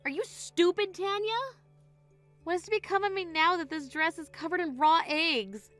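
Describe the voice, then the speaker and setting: A woman plays a wronged young bride in a text-message drama, firm and indignant. The voice is high and bright with a tense edge. Faint music runs underneath. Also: moderate pace. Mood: upset. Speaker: voice actor.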